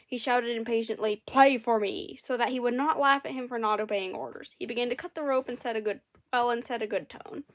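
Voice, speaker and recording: A woman's voice: on the high side, steady tone, quick pace. A woman reading a fairy tale aloud and adding dry, amused comments between passages. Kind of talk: comedic story reading with wry asides.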